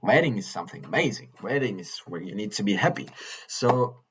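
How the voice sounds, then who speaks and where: A man vlogging in a casual monologue, earnest and halting, often repeating and restarting his phrases. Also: fairly low pitch, lively intonation, noisy background. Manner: earnest, mildly swearing.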